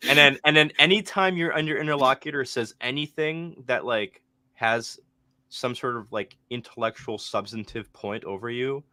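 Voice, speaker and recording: A man hosting a casual debate review, animated with quick asides. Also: mid-range voice, dry recording. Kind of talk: casual chat.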